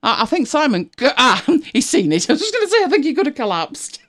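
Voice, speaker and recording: A woman's voice: high voice, very animated, fairly quick, a bit bright. A middle-aged woman hosting a casual live stream, chatting and laughing with viewers and greeting them by name.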